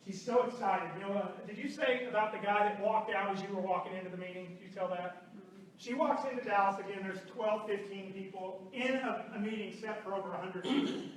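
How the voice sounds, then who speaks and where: A high-pitched man tells animated stories to a live audience at a business meeting, acting out what other people said. He is recorded from a distance in a very echoey meeting room, with a faint hiss underneath. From Oklahoma. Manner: animated storytelling with acted quotes. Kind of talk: motivational talk to a live room. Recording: roomy far-off hall recording.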